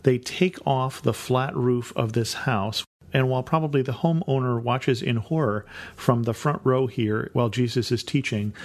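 A man's voice: medium pitch, a little mellow. A man teaching from the Bible on a podcast, reading passages aloud and then explaining them with dry humor.

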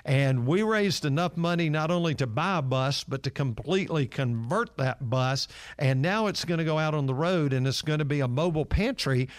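A man's voice: on the high side, normal speed, hardly any pauses, no echo. A man telling stories earnestly, with lots of fillers, as a guest in an interview. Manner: earnest storytelling with many fillers. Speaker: nonprofit leader. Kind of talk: interview answer.

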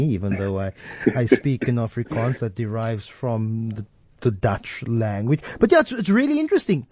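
A man with a South African accent, hosting a radio talk show in a relaxed, conversational way with frequent fillers. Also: medium pitch, no echo, clean studio sound. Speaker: radio host. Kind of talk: casual chat.

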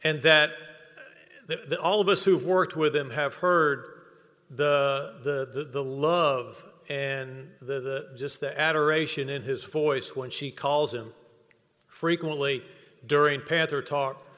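A man's voice: on the high side, steady tone, takes it slowly, pushed and bright. A man giving a humorous tribute speech at a hall of fame induction, telling anecdotes before an earnest close. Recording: long reverb of a banquet hall.

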